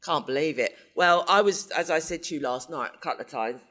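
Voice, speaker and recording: A man co-hosting a podcast in casual chat, talking in an animated, emphatic, teasing way. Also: fairly high pitch, a little fast. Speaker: podcast co-host.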